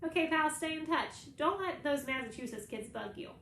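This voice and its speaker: A woman doing croaky, jokey boy Toby. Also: high voice, expressive, normal speed, a bit bright, reverberant, a little hiss or hum, pitched above the performer's own voice. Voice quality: creepy, croaky.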